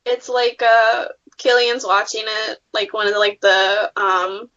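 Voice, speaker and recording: A woman's voice: medium pitch, flat delivery, a little slow, bright, forceful tone. A young woman co-hosting a casual fan podcast, chatty and full of "like" fillers. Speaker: podcast co-host. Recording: dull lo-fi sound.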